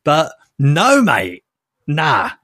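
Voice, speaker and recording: A man's voice: fairly high pitch, wildly swooping pitch, very slow, a bit bright, no echo, studio quality. A man co-hosting a podcast in laid-back casual chat, repeating himself for emphasis. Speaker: podcast co-host.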